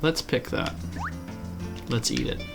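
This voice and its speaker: Over music, a man streams a farming game and takes his time as he talks. He's chatty and self-deprecating, poking fun at himself and answering his viewers in casual commentary.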